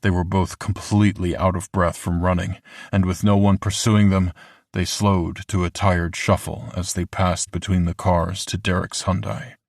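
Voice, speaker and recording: A man reading a horror audiobook in a measured, deliberate way, slowing down for the grim moments. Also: deep voice, little pitch movement, creaky, no room sound, clean studio sound. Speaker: audiobook narrator. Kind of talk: scripted horror narration.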